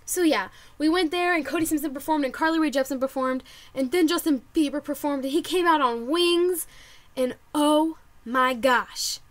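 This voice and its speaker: A young woman telling a story to camera in casual vlog chat, excitable and full of "like". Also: high-pitched, a little fast. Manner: bubbly, excitable, lots of "like" and quoted reactions. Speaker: vlogger.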